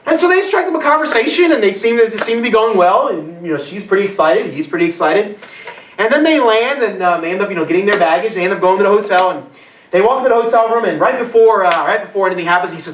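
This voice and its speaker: A young man preaches to a young adult group, his voice sitting fairly high for a man. He tells his stories loosely, with plenty of fillers and restarts. The sound is roomy and echoey, picked up from some distance off. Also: lively intonation, fast, a bit bright, slight background noise. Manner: conversational storytelling with frequent fillers. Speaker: youth pastor. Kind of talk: sermon. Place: church hall. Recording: echoey hall from far off.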